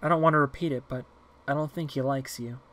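A man voicing a timid eight-year-old girl who talks softly and quietly in an audiobook reading. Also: mid-range voice, steady tone, fast talker, lightly acted. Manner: soft and hushed.

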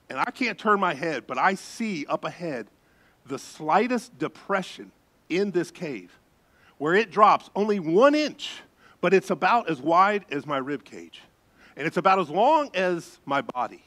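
A middle-aged man preaching as a pastor, telling a story with lively voices and gasps. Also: sits high, normal speed. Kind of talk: sermon storytelling.

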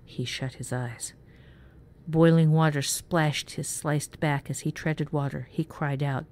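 A woman narrating a dark fantasy story in a measured, even way. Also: sits low. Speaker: story reader. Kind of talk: scripted narration.

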